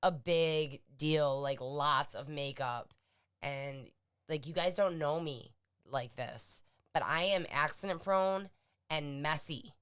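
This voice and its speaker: Playful, profane woman co-host, smooth voice. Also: low-pitched, slow pace, fairly bright tone. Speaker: podcast co-host. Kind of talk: casual chat.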